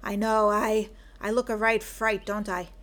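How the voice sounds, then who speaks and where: A woman voicing a gruff, grumbling Scottish man adrift in a story, with a Scottish accent and self-mocking mutter. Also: mid-range voice, little pitch movement, unhurried, a bit bright, close to an everyday voice. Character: gruff Scottish male sea detective, grumbling. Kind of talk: audiobook character reading.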